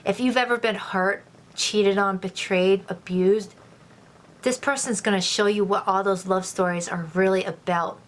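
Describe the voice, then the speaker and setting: A woman giving a casual tarot love reading to her viewers, gushing and exclaiming with excitement as she turns the cards. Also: mid-range voice, measured pace. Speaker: tarot reader.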